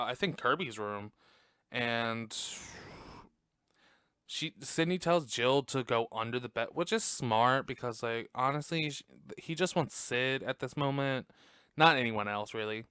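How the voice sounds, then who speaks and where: A podcast host with a mid-range, sharp but smooth voice recaps a movie in casual conversation, laughing a lot and swearing. He records in a room at home on a close desk mic, and the recording is dry.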